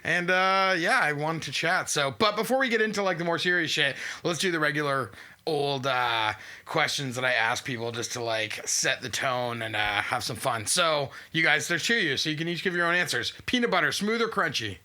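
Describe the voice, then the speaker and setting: A man hosting a casual podcast chat, talkative and swearing freely with lively swings in pitch. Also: moderate pace. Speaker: podcast host.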